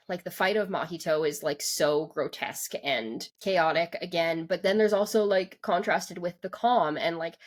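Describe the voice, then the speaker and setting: A woman co-hosting a podcast, talking through an anime episode in casual chat with lots of "like" fillers and restarts. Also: lowish voice. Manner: rambling, full of "like" fillers and restarts. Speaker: podcast co-host.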